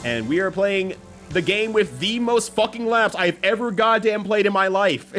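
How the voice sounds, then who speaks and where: A man's voice: high-pitched, normal speed, a bit bright, faint music behind. A young man streaming a racing game, chatting casually with viewers, swearing freely and laughing often.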